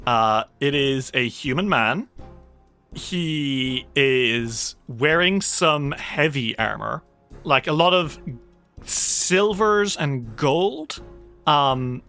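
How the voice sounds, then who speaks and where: A game master narrates a tabletop roleplaying session in a relaxed, meandering way with plenty of fillers. The delivery is slow but the pitch moves a lot. The tone is bright, and soft music plays underneath.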